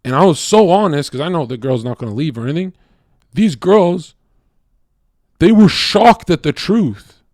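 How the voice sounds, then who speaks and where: A man's voice: lively intonation, moderate pace, long pauses, dry recording. Blunt, crude-talking male streamer, dry sound. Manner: blunt, crude and profane, rambling with many fillers; swings between loud outbursts and low mutters. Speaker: livestreamer. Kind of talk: casual stream monologue.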